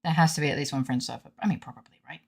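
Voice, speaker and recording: A woman's voice: sits low, racing, creaky, husky. A woman streaming a game, joking casually with her chat and reading game lines aloud between giggles. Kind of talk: casual gaming stream commentary.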